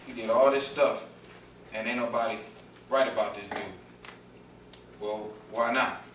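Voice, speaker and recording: A man's voice: mid-range voice, fairly even intonation, a little slow, fairly bright tone. A man from Detroit giving a live lecture, calling questions out to his audience and playing up the back-and-forth with them. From Detroit, USA. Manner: preachy call-and-response, questions the crowd, playful. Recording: echoey room, distant mic, faint noise.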